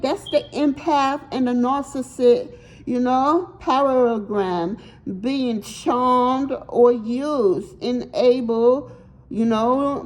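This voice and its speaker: A woman's voice: sits high, darkish tone, poor audio. Emphatic, blunt woman tarot reader. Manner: emphatic, blunt, swears freely; repeats words while searching for them. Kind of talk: casual tarot reading to viewers.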